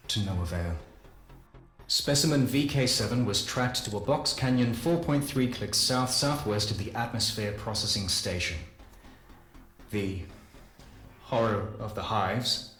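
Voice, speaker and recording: A man giving a scripted first-person dramatic narration in a measured, solemn, deliberate way. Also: fairly low pitch, fairly bright tone. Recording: roomy echo with faint music.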